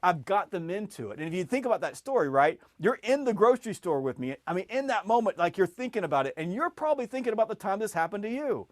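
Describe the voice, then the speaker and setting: A middle-aged man with a fairly high voice spins an animated sales story as a podcast guest. His volume and pitch climb as the tale builds, and his words often tumble into quick restarts. The sound is close and dry, with no room around it. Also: no echo.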